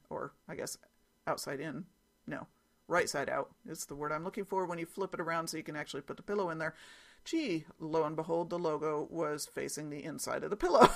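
A middle-aged woman hosting a casual solo podcast, chatting and telling stories with frequent laughs and fillers. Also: fairly low pitch. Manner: chatty storyteller, laughs often, many fillers. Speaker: podcast host.

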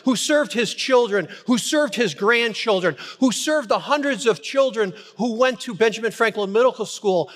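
High-voiced man preaching in a reverberant hall. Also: a bit bright. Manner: dramatic storytelling with pauses and repetition. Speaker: pastor. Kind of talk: sermon. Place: church hall.

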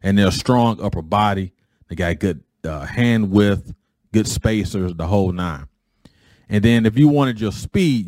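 A man's voice: lowish voice, darkish tone, no echo. A man hosting his own podcast, talking casually in a rambling way, often repeating himself and paraphrasing others. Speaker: podcast host. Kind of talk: casual opening monologue.

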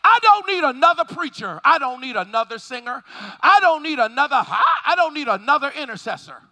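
A man preaching a sermon with fervent delivery, shouting at peaks and calling on the congregation to respond. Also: very high voice, sing-song, brisk.

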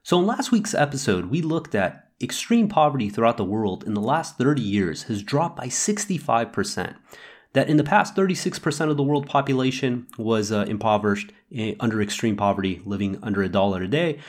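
A man in his thirties speaks on his podcast in an easy, storytelling way, pausing on small fillers as he thinks aloud. His pitch rises and falls freely, giving the talk an animated lilt. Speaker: podcast host.

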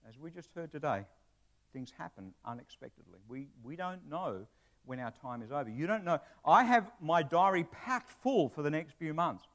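A man preaching a sermon to his church in a conversational way, with asides and humor. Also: on the high side. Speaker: pastor; broadcast presenter.

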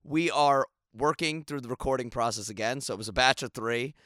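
A man's voice: mid-range voice, brisk, fairly bright tone, no echo, clean studio sound. A man co-hosting a tabletop gaming podcast, chatting casually and laughing often. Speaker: podcast co-host.

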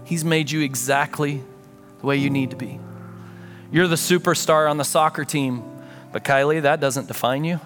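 A man's voice: on the high side, fairly even intonation, moderate pace, fairly bright tone, faint music behind. A man pastor delivering a sermon, telling a story with earnest feeling and acting out prayers and conversations.

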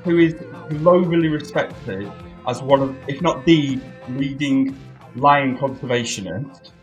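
A man co-hosting a podcast in casual chat, self-mocking and animated. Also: medium pitch, measured pace, dull audio, soft background music. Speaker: podcast co-host.

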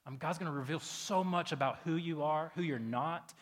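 A man's voice: on the high side, moderate pace. A man preaching a casual sermon as pastor, talking loosely and conversationally with lots of fillers.

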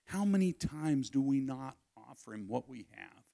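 A man preaching a sermon at a family camp, telling a personal story, swinging between loud calls and hushed asides. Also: medium pitch, expressive, normal speed, creaky.

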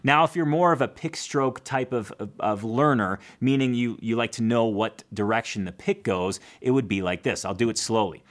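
A man's voice: medium pitch, moderate pace, few pauses. A man teaching a casual guitar lesson, explaining plainly, counting strum patterns aloud and adding self-deprecating asides.

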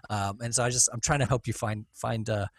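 A man, a pastor, chatting excitedly on a church podcast, teasing his co-hosts and restarting his sentences. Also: medium pitch, a little fast, dry recording. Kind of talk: casual church podcast chat.

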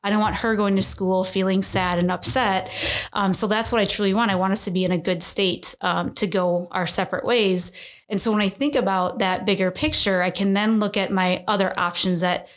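A woman's voice: medium pitch, steady tone, a little fast. Earnest woman guest explaining. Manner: earnest and explanatory, often tags "right?". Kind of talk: casual interview.

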